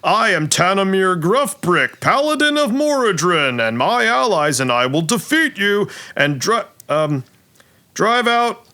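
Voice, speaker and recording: A man's voice: high voice, very animated, unhurried, pushed and bright, voice pushed up, heavily acted. A pompous little dwarf paladin, a stage actor who declaims grand vows, as a man puts him on. The voice sits well above the performer's own and rings out bold. This is tabletop game play. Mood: heroic.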